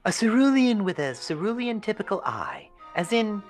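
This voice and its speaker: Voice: medium pitch, very animated, normal speed, soft background music. A narrator in a live fan dub with a dry, wry delivery.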